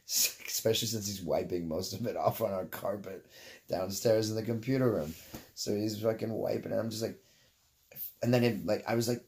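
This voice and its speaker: Canadian man, lower voice, loose profane vlog storyteller who drifts into tangents. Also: animated, normal speed, a little mellow. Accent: Canadian English. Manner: swears freely, drifts off on tangents, laughs mid-story. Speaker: vlogger. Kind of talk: rambling casual storytelling.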